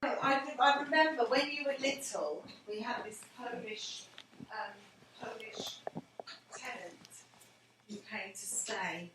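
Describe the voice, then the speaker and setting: A middle-aged woman with a slightly high voice speaks slowly, earnestly telling personal stories to her adult son, who is interviewing her. She often sinks to almost a whisper. The conversation was recorded in a roomy space with faint background noise.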